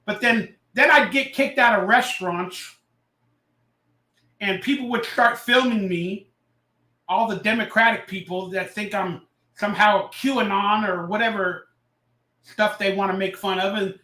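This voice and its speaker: A man hosts a casual live stream, ranting sarcastically and reading viewer comments aloud. His voice sits high and is bright and forceful, and he is unhurried. The sound is roomy and recorded from a distance.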